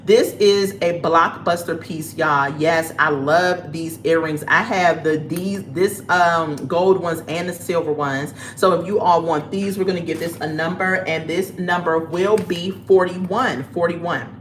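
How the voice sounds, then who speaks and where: A woman chatting casually on a livestream as she sells jewelry, telling her stories in an animated way. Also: fairly low pitch, a little slow, hardly any pauses. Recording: roomy echo, faint background noise.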